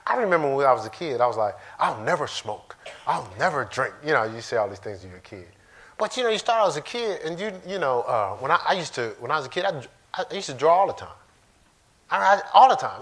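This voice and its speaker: This man's voice is on the high side and fairly bright as he delivers a casual sermon in a church sanctuary, joking with the congregation and speaking to them directly.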